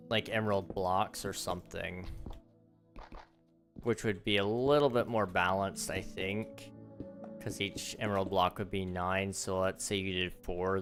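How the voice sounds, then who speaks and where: A young man, slightly hoarse, chatting casually on a live stream while playing, thinking aloud with ums and quick laughs. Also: deep voice, fairly bright tone. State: slightly hoarse, losing his voice. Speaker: gaming livestreamer. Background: background music.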